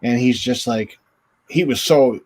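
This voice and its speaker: A man's voice: mid-range voice, measured pace. A middle-aged man, a former hockey goalie, telling stories as a guest on a video call interview, acting out quotes with a raised voice. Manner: animated, acts out quotes in raised voice. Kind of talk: storytelling in an interview.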